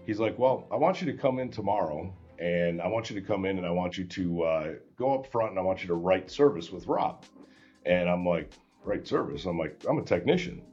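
A man guest on a podcast, telling a story in a casual, animated way and acting out the dialogue with many restarts. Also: low voice, a little fast, lo-fi sound, soft background music.

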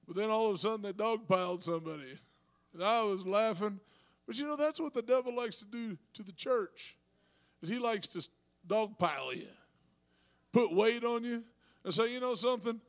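Pastor, male, high voice, conversational sermon with loud peaks. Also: normal speed. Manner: rising to shouted preaching; talks to congregation with asides.

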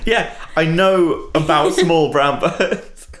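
A co-host in a casual chat who teases the other speaker with dry, deadpan one-liners. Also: mid-range voice, slow pace, slight background noise. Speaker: podcast co-host. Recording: roomy, echoey sound.

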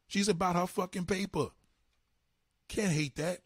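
A man's voice: high-pitched, a little slow, breathy edge, no room sound, clean studio sound. A man ranting casually and profanely to his viewers, acting out both sides of conversations. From New York. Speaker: commentator.

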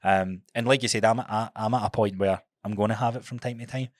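A man's voice: fairly low pitch, fairly even intonation, fairly quick, no echo, studio quality. A man with a Scottish accent co-hosting a podcast, talking bluntly and emphatically with plenty of swearing. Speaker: podcast co-host. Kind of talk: casual podcast chat.

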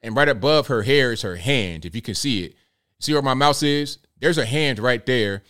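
A man's voice: mid-range voice, animated, normal speed, a bit bright. A man in his thirties hosting a casual commentary show, chatty and incredulous as he talks through a clip. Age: 30s. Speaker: host.

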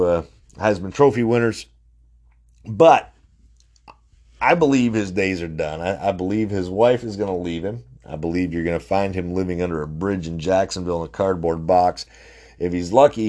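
A man's voice: low voice, darkish tone. A man in his forties hosting a casual sports podcast, talking bluntly in a rambling way with lots of fillers, restarts and the odd swear word. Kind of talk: casual sports opinion monologue.

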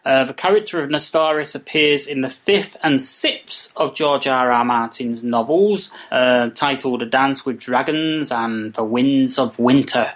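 A man's voice: mid-range voice, a little slow, few pauses, fairly bright tone. A man hosting a casual podcast chat, reading news items loosely and cracking jokes. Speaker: podcast host.

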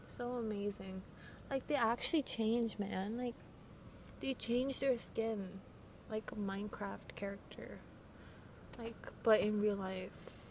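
A woman's voice: mid-range voice, fairly even intonation, slow pace, a little mellow, slight background noise. Rambling slangy young woman, congested. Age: teens. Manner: rambling, slangy, swearing, giggly. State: congested from a cold. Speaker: podcast host. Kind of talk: casual late-night monologue. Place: by a window at night.

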